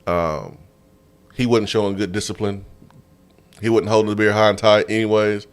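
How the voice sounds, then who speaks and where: Male sports talk host, low voice, loose and animated, studio mic. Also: normal speed, smooth. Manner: animated, laughing storyteller. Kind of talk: casual storytelling. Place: radio studio.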